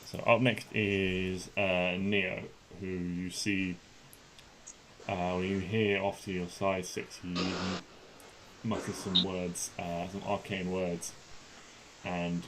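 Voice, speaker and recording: A man with a very low voice runs a tabletop game, unhurried and laid back. His narration halts often on fillers as he describes each blow. Steady noise sits under his voice. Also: low-quality recording. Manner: relaxed, halting narration with many fillers. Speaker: game master.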